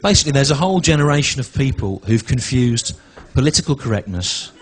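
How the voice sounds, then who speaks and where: A man, doing a stand-up routine in a halting, deadpan way with restarts and asides. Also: mid-range voice, rough recording. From England. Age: 40s. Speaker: stand-up comedian. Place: comedy venue with a live audience.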